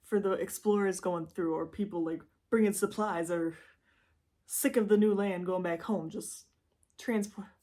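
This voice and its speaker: A young woman with a Midwestern Michigan accent, telling a true-crime story in a chatty, rambling, self-deprecating way, with lively jumps in pitch for emphasis. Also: unhurried. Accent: Midwestern American, Michigan. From Michigan, USA. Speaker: YouTube host.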